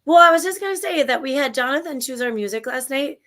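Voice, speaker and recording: As co-host of a livestream show, a woman with a Minnesotan accent chats enthusiastically over a video call, rambling and restarting as she goes. Her high-pitched voice is fairly bright, animated, and fast.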